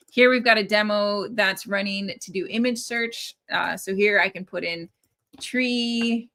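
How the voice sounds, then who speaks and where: Bright-voiced woman teaching a live coding demo. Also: medium pitch. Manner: chatty, upbeat, often tags "right?". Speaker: developer advocate teaching a live stream.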